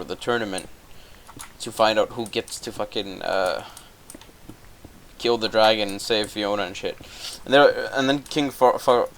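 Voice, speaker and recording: A man's voice: lowish voice, a bit bright. Young man, casual gamer chat, constant swearing, hesitant fillers, faint background noise. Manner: profane, offhand, hesitant with many fillers. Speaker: gameplay commentator. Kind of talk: casual rambling plot retelling.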